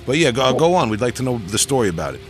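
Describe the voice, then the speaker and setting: A man's voice: mid-range voice, very animated, fast talker, soft background music. A man hosting a metal podcast, asking chatty, enthusiastic interview questions. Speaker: podcast host. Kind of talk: casual interview.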